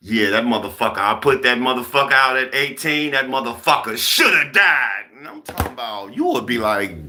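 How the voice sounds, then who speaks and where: Young man, profane heated rant, bright, lively pitch. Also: moderate pace, hardly any pauses, slight background noise. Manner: animated, heated, swearing, acts out other people. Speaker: vlogger. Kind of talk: profane ranting monologue.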